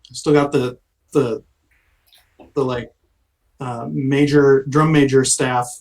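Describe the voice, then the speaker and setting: A man tells the table what his character does, at a middle pitch. His speech is halting, full of restarts and small laughs. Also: level tone, poor audio. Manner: halting, with many fillers and laughs. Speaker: player.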